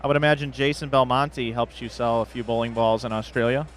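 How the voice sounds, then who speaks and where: A man's voice: mid-range voice, little pitch movement, fairly quick, a little hiss or hum. A man interviewing guests on a live broadcast in a jokey, upbeat way.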